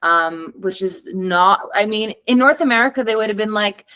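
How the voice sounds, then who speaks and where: A woman's voice: mid-range voice, normal speed, bright, forceful tone, low-quality recording. A woman guest on a podcast, telling her own story in a candid, chatty way and acting out the dialogue she quotes. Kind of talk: conversational storytelling.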